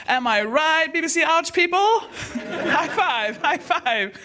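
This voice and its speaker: Bright-voiced woman hosting a comedy night. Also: high-pitched, slow. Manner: self-deprecating deadpan storytelling. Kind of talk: stand-up comedy. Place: comedy stage before a live audience.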